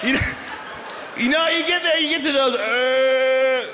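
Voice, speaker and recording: A man performing live stand-up comedy on stage, loud, profane and often shouting. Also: extremely high pitch, unhurried, background noise. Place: large live venue on stage. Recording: echoey hall, live ambience.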